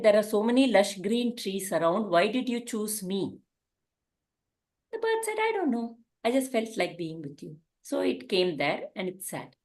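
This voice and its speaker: A woman, teaching a spiritual class through a gentle, meandering parable. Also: mid-range voice. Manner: gentle storytelling with restarts.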